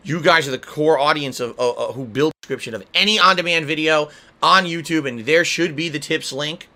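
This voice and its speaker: A man's voice: fairly high pitch, a little fast, bright, forceful tone. A man hosting a casual stream podcast, ranting and swearing at his audience. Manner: profane, ranting. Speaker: streamer host. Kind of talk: casual livestream podcast chat.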